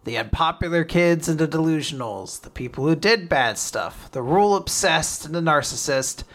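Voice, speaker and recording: Recapping a manga chapter, this podcast co-host's voice sits low and moves at a moderate pace. She keeps the chat casual and animated, performing characters' quotes and laughing along.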